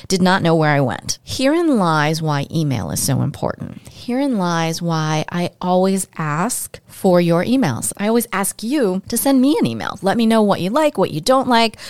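A woman hosting her own podcast, telling a personal story in a candid, emotional, animated way. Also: on the low side, no echo, studio quality. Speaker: podcast host.

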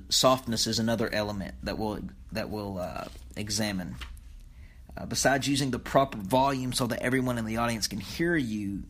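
A man's voice: mid-range voice, bright, forceful tone. A man hosting a podcast, teaching public speaking in a conversational spoken lesson with frequent fillers and self-corrections.

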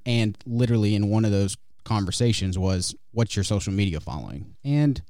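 A man's voice: on the low side, expressive, a little fast, few pauses, darkish tone, dry recording. A man from West Texas, a guest real estate agent, talking in an easygoing, earnest way in a radio studio. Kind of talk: casual interview talk.

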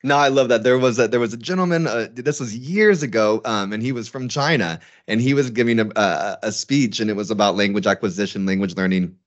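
A man's voice: fairly low pitch, brisk, hardly any pauses, lo-fi sound. A man hosting a podcast interview, chatting in a friendly way and laughing readily as he recounts an anecdote. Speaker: podcast host.

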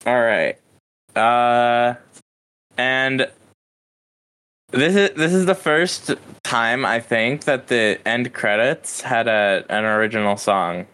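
A man co-hosting a podcast, talking casually at a middle pitch. His voice is smooth and clear, and he keeps pausing on "uh" as he gathers his thoughts. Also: fairly bright tone. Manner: hesitant, many "uh" pauses. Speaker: podcast co-host. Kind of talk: casual chat.

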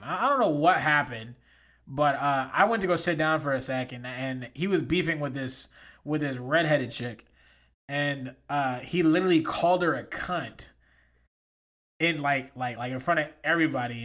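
A man co-hosting a podcast, joking crudely and laughing loudly in casual banter. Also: mid-range voice. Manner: laughing, loud, animated joking. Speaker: podcast co-host.

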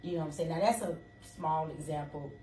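A woman's voice: low-pitched, a little fast, warm tone. A woman co-hosting a casual faith talk, conversational and restarting her sentences often. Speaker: co-host. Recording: roomy, distant mic, faint noise.

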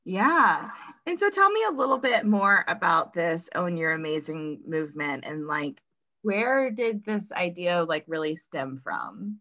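A woman's voice: lowish voice, expressive, unhurried, highs cut off. A woman hosting an interview, encouraging her guest with short affirmations. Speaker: interview host. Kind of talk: conversational interview.

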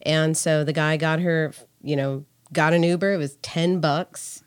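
A woman with a fairly low voice tells a story on a casual talk show. She is blunt, swears casually, and quotes other people as she goes. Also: steady tone, unhurried, clean tone. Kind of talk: casual podcast chat.

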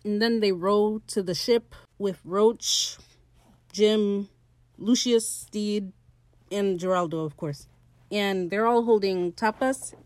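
Recapping a TV episode, a late-teen female host chats casually and gushes with excitement, cursing freely and laughing a lot. Her mid-range voice moves slowly, and the recording is dry.

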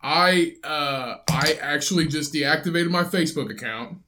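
A man's voice: fairly high pitch, normal speed, background noise. Rambling Midwestern man, casual podcast chat. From south central Indiana. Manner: rambling, swearing, many restarts. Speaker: podcast co-host.

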